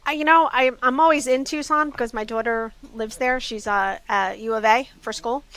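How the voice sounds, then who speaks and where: Bubbly New York woman, bright voice. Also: fairly high pitch, normal speed, rough recording. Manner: bubbly, animated storyteller. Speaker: jewelry store owner, guest. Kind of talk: casual chat.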